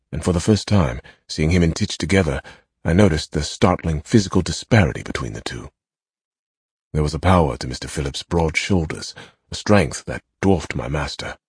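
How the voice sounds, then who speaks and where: A man narrating a novel in a measured, expressive storytelling manner. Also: extremely low pitch, slightly rough, no room sound, clean studio sound. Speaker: audiobook narrator. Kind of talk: scripted narration.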